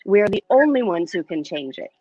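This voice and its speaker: A woman speaking as an interview guest and metaphysician, telling her story in a candid, expressive way. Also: medium pitch, fairly quick, no echo, dull audio. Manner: candid and expressive, lively retelling.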